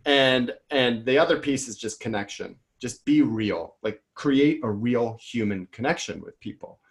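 Brief: thirties male guest, lively storyteller, mid-pitched, rambles and acts out quotes. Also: unhurried. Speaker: podcast guest, author. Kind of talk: casual storytelling interview.

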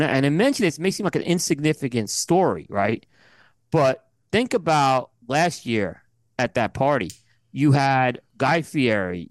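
A man's voice: mid-range voice, no echo. A man guest on a podcast, giving analytical commentary in casual chat, with many fillers and restarts. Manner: analytical, talks in numbered points with many fillers.

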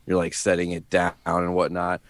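Profane, excitable podcast man. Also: sits low, normal speed, dry recording. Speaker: podcast co-host. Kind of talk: casual chat.

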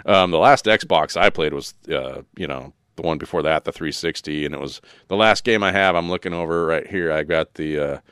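A man's voice: rumbling low, normal speed, hardly any pauses, a bit bright, clean tone, dry recording, studio quality. A man hosting a podcast in casual chat, rambling and loose with lots of fillers. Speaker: podcast host.

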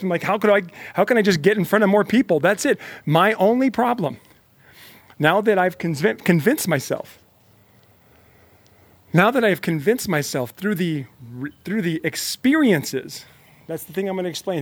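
Fired-up motivational man, higher voice. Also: no echo. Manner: emphatic, repetitive, fired-up; talks directly to the listener. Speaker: motivational speaker. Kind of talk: motivational monologue.

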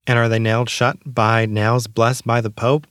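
A man's voice: mid-range voice, little pitch movement, moderate pace, fairly bright tone, no echo, clean studio sound. A man hosting a casual solo podcast from a small closet at home, slightly out of breath, dropping wry, sarcastic asides. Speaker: podcast host.

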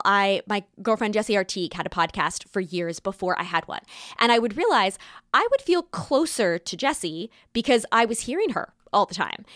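A woman's voice: medium pitch, no echo. Earnest woman podcast host, dry mic. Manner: animated, earnest, talks with her hands. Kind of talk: monologue podcast.

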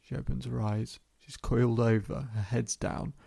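A man working as a hypnotherapist, calmly recounting a session in a storytelling monologue with slow, repeated phrasing. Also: medium pitch, gravelly, slightly rough.

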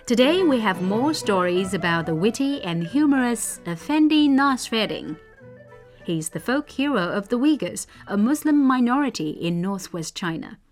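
A woman hosting and narrating folk tales in a measured, expressive scripted reading. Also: a little high, soft background music. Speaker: storyteller host.

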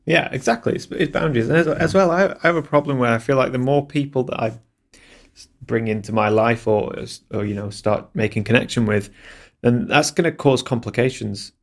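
Gravelly-voiced man, hesitant and candid. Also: mid-range voice, fairly quick. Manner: hesitant, self-deprecating, many restarts. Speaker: landscape photographer and YouTuber. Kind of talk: casual interview conversation.

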